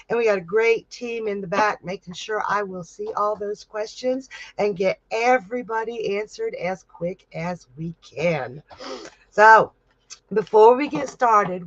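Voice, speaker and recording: A middle-aged woman hosts a live-stream psychic reading, chatty and heartfelt, laughing often. She speaks slowly and takes her time. The stream audio is dry and dull, like a lo-fi recording. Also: medium pitch, fairly bright tone, no room sound. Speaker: psychic medium host.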